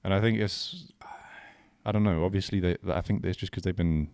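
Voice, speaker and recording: A man's voice: low-pitched, a little fast, darkish tone, smooth, dry recording, studio quality. A young man co-hosting a casual podcast chat, rambling and hesitant, often trailing off mid-thought. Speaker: podcast co-host.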